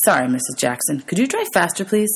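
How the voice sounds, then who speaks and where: A woman's voice: fairly low pitch, big pitch swings, fast talker, a little hiss or hum. A woman reading aloud, voicing a nervous, touchy young male satyr who snaps back defensively. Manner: defensive, bleating retorts.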